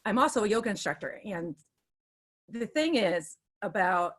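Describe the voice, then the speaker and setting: Brief woman in her 50s, excitable storyteller, restarts often, webinar guest on a video call. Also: mid-range voice, normal speed. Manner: hyper, chatty, restarts a lot. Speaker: guest speaker, teacher. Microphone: video call with earbuds.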